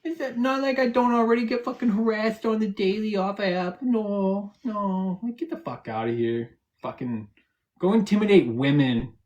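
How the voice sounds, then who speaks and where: A man's voice: high voice, normal speed, a little mellow, lo-fi sound. Combative streamer guy swearing a lot, mocking, heated. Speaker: livestream host. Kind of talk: heated live-stream argument.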